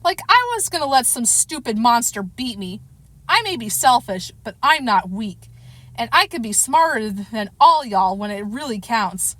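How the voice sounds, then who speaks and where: A woman's voice: on the high side, sing-song, normal speed, fairly bright tone, dry recording. A woman voicing a selfish but tough young girl with a defiant, sassy way of talking.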